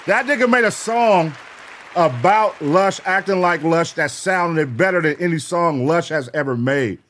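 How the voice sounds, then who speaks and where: A man's voice: on the high side, slow, pauses often, some chatter behind. Hyped, slangy male reaction streamer. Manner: loose, laughing, profane slang, shouting out chat names. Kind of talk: live-stream reaction commentary.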